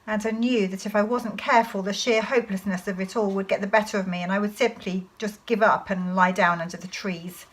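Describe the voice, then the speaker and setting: A woman teacher reading a children's novel aloud to her class in an expressive storytelling manner. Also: medium pitch, a little fast, hardly any pauses, rough recording.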